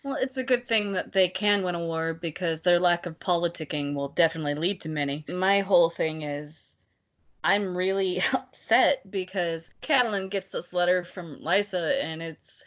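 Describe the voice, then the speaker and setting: A woman with a somewhat low voice talks through a book in a casual discussion podcast. She is animated and exasperated, and she laughs often as she talks. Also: moderate pace. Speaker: podcast co-host.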